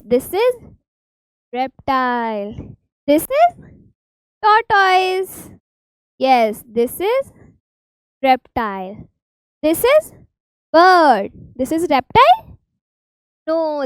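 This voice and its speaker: Indian lady teacher talking to little kids, really high voice, slow and drawn out, dry close mic. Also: dry recording, poor audio. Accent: Indian English. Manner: slow, sing-song, stretches key words. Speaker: preschool teacher. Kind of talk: teaching young children.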